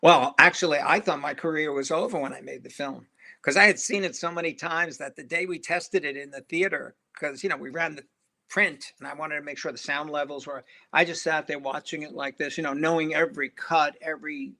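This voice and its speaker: An older man recounting stories from his career in a bright, forceful voice that sits a little high for a man. He throws himself into each anecdote, acting out everyone he quotes. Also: a little fast, vocal fry. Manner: animated storyteller who acts out quoted voices. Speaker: film director, interview guest. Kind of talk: anecdotal interview storytelling.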